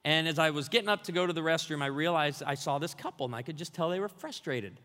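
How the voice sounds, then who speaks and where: A man preaching a sermon as pastor, telling funny stories and building to energetic exhortation. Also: a little high, fast. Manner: storytelling with humor, rising to energetic exhortation. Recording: long hall reverb.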